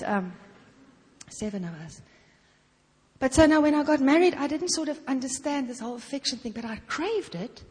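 A middle-aged woman delivers a sermon as if chatting with friends, sprinkling "you know" through her sentences and acting out short prayers. Her voice sits a little higher than most women's. A long hall reverb trails behind every phrase. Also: a little mellow. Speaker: guest preacher.

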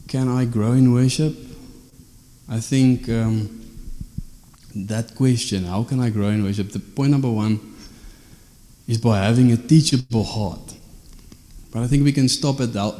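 A man's voice: mid-range voice, dark tone, big-room sound. A man, preaching an informal teaching sermon in a conversational way, often checking in with tag questions.

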